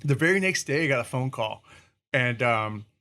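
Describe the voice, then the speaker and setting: A man's voice: medium pitch, normal speed. A man co-hosting a casual podcast chat, telling stories with laughter and swearing. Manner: animated storyteller, swears, laughs often. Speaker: podcast co-host.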